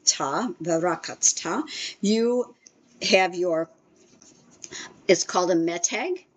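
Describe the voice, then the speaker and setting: A woman teaching an informal beginners' language class, explaining in a chatty way with many ums and restarts. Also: fairly low pitch. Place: small meeting room in a congregation.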